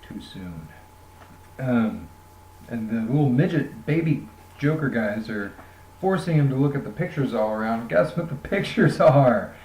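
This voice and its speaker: A man's voice: mid-range voice, a little mellow, slight background noise. A man casually reviewing a graphic novel, rambling and joking with lots of fillers. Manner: rambling, jokey, many fillers. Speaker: comic book reviewer. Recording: roomy echoey room.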